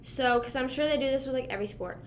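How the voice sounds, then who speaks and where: Talking quickly in a high-sitting voice, this young Pennsylvania streamer rambles on her livestream, peppering her talk with "like" and "you know what I mean" and occasionally chewing as she speaks. There's slight background noise.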